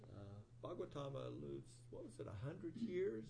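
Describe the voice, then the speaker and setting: A man preaches from scripture in a storytelling voice. His voice sits at an ordinary male pitch. He leans into key words with rising emphasis, and he pauses to reflect between episodes of the tale. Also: big pitch swings, vocal fry, dark tone, a little hiss or hum. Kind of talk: sermon storytelling.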